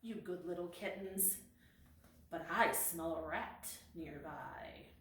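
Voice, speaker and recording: A woman voicing a gentle, reproachful mother cat who speaks low, soft and mournful. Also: slow. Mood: pleased. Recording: roomy, distant recording.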